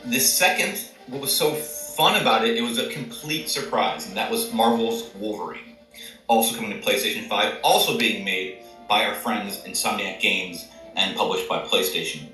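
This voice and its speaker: A man's voice: fairly low pitch, normal speed, bright, forceful tone, soft background music. A man, a game company executive, answering interview questions in an enthusiastic, promotional way. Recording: echoey, distant mic.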